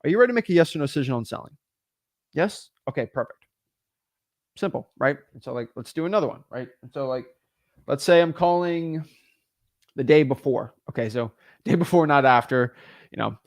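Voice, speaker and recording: A young man teaching real estate wholesaling in an energetic, casual way, acting out both sides of phone calls with sellers. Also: mid-range voice, fairly quick, long pauses, no room sound, clean studio sound.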